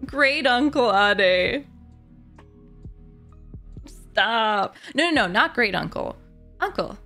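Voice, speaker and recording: A woman's voice: medium pitch, lively intonation, drawn-out words, fairly bright tone, faint music behind. A woman YouTuber chatting casually to camera as a fan, gushing and rambling with frequent "like" and the odd swear word. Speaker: gaming YouTuber discussing a book.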